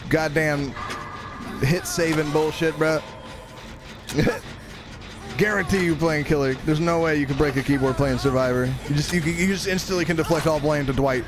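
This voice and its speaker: A man livestreaming a game, chatting casually with excitable, profane, rambling banter and yelling at teammates. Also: fairly high pitch, fairly quick, over music. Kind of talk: live gameplay commentary.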